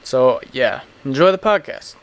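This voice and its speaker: A man's voice: medium pitch, expressive, a little slow, clean tone. A young man hosting a casual gaming podcast, talking in a blunt, rambling way. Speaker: podcast host.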